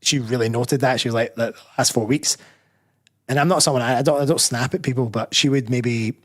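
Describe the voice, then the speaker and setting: A man's voice: mid-range voice, fairly even intonation, brisk, fairly bright tone. A Scottish man, a personal trainer and bodybuilder, talking candidly as a guest in a casual interview, often restarting his sentences. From Scotland. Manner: candid, rambling, self-correcting.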